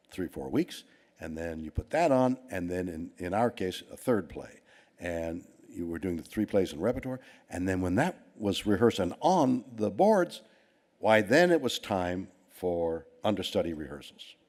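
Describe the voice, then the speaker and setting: A man's voice: low-pitched, expressive, unhurried, darkish tone. An older Canadian man telling a rambling anecdote to an audience, with many restarts and quoted voices. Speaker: award recipient giving a speech.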